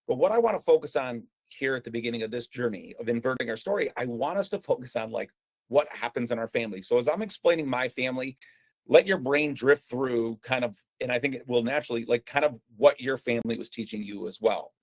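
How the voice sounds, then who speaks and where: A man tells a personal story, his mid-pitched voice carrying a gravelly edge. He talks conversationally, with fillers and restarts. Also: animated, quick pace. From United States. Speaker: speaker presenting a talk.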